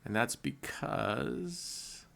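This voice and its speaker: A man's voice: mid-range voice, lively intonation, very slow, vocal fry, sharp tone. A man chatting casually on a live stream, laughing often and telling jokes between roulette spins. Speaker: casino streamer.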